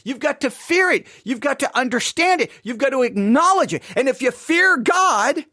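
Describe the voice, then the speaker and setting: High-voiced, animated man teaching the Bible. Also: normal speed, no room sound, clean studio sound. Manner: earnest, emphatic, with frequent repetitions and restarts.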